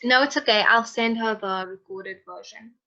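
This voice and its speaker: Teacher, woman: bright, forceful voice, patient with students, dull lo-fi call audio. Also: on the high side, moderate pace. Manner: patient, prompting students by name. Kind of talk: online chemistry lesson. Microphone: computer mic on a video call.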